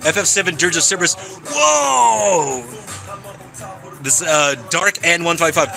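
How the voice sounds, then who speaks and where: A man's voice: a little high, fast, sharp tone, faint music behind, poor audio. A man chatting casually and cheerfully on a live stream, answering his viewers as he goes. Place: hangout spot in California.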